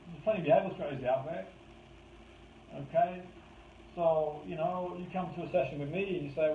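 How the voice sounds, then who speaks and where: A man's voice: a little high, moderate pace. A man teaching a live course in a conversational way, leaning on key words to make his points. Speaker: course trainer. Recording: roomy, distant, phone-like lo-fi with faint hiss.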